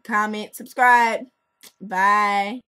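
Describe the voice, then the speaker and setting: A young woman reviewing a music video in a chatty, sarcastic, animated way. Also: medium pitch, drawn-out words, noisy background.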